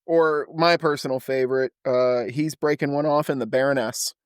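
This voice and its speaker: Give me a wisecracking man bantering on a podcast, deadpan and dry-sounding. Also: mid-range voice, moderate pace, clean tone, no room sound. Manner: wisecracking, deadpan one-liners. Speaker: podcast co-host.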